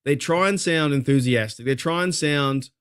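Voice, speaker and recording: A man's voice: on the high side, moderate pace, fairly bright tone, clear, resonant tone. A man with an Australian accent hosting a casual fan talk show, fired up and rambling, swearing freely as he vents. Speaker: podcast host.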